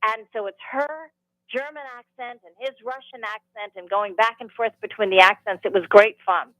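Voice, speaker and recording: A woman, an author and audiobook narrator, telling animated stories as a guest in a radio studio interview. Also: fairly high pitch, normal speed, dry recording, poor audio. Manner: animated storytelling, rambling with restarts.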